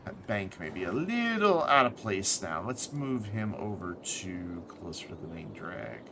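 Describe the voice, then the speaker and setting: Gravelly-voiced man streaming a city builder. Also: deep voice, sing-song, measured pace, noisy background. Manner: thinks aloud, self-correcting. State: tired, with hiccups. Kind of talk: casual gameplay commentary.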